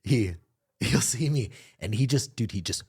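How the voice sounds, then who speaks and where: A man's voice: medium pitch, moderate pace, gravelly, husky. Podcast guy, casual rant, lots of cursing, voice jumps all over, laughs mid sentence. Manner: profane, laughing storyteller with lively impressions. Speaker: podcast co-host. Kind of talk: casual chat.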